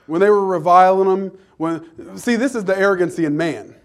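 A middle-aged man preaching a sermon in church, conversational and humorous, sometimes shouting when he acts out outbursts. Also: sits high, normal speed. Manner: animated, rising to shouts in acted outbursts.

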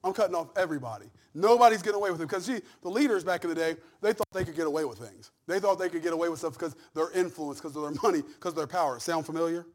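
A middle-aged male pastor preaching a sermon with folksy humor, swinging from soft, intimate asides to shouted climaxes. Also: on the high side, racing, hardly any pauses. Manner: humorous, folksy storytelling with laughs.

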